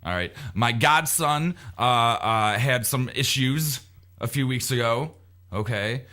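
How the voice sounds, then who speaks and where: A man's voice: medium pitch, slow pace, pushed and bright. A man hosting a radio talk show, rambling and teasing his co-hosts in casual banter.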